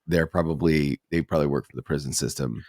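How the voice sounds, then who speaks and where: Male podcast co-host, ex-narcotics cop, low voice, measured and wry, dry close mic. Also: steady tone, a little mellow, dry recording. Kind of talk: casual storytelling.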